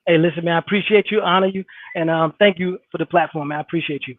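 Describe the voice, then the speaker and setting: A man in his forties, a rapper guest on a remote call, talking in an easygoing way with many pauses and fillers. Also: a little high, steady tone, no echo. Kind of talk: casual interview chat. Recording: tinny dry phone-line audio.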